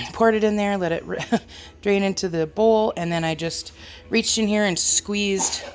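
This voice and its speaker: A woman chatting casually in her home kitchen as a homestead vlogger, talking while she works and joking about herself. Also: a little slow. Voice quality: squeaky. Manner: chatty, self-deprecating, talks while working.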